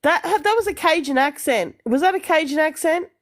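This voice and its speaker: A woman's voice: high voice, animated, normal speed. A woman co-hosting a casual live stream, teasing and laughing often.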